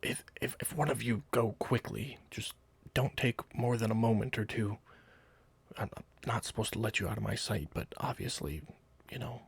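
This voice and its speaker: A man voicing a wary bird-like kenku guard on a ship, speaking in a hushed, hurried way during a live-streamed tabletop game. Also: lowish voice, gravelly, breathy edge, no room sound, exaggerated voice.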